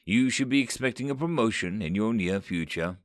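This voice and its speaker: A shrewd, world-weary male bird-like merchant with dry, knowing remarks, as a man performs him in a story reading. His pitch moves a lot. The recording is close and dry. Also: expressive, a little fast, no echo, natural voice. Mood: wry.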